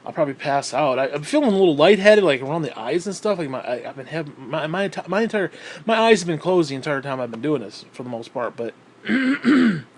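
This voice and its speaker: A man's voice: on the high side, sing-song, fairly quick. Breathless man ranting with constant swearing. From New York State. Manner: profane, bitter ranting. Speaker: vlogger. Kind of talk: ranting vlog monologue.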